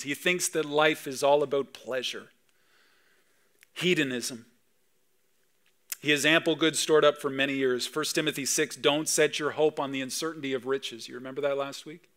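A man's voice: mid-range voice, normal speed. A man in his thirties, a pastor from Canada, preaching a conversational sermon full of personal stories. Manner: storytelling, animated, conversational, sometimes emotional.

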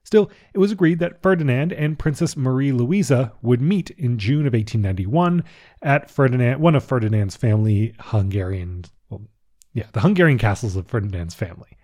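A man's voice: medium pitch, animated, brisk, a little mellow. A man hosting a history podcast, narrating in a casual way with chuckling asides. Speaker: podcast host.

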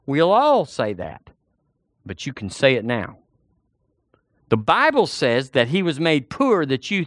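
A preacher, a man whose pitch sits a little high and swings widely as he works up the congregation. He talks folksy and direct, circling back on his own words. The sound is close and dry. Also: no room sound. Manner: animated, folksy, repeats himself, addresses the congregation directly. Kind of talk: sermon.

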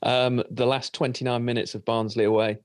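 A man's voice: mid-range voice, level tone, fairly quick, no echo. A man speaking as a podcast guest, dry and wry about football results. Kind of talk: casual football podcast chat.

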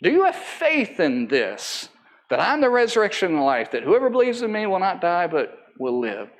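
A man, a pastor, preaching a Sunday sermon to a congregation in an earnest way, slowing right down on key phrases and climbing higher when he presses a point. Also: huge pitch swings. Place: church service.

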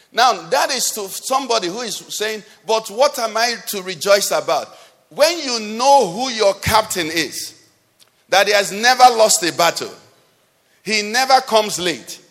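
Pastor preaching, high voice. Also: male voice, sharp tone. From Nigeria. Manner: emphatic, rhetorical questions to the congregation. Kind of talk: sermon. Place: church hall. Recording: long hall reverb.

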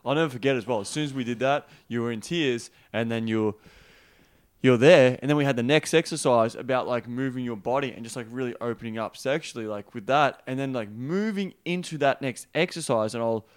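A man's voice: mid-range voice, brisk. A man, a host and coach, talking bluntly and energetically in casual chat, swearing often. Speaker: podcast host and workshop coach.

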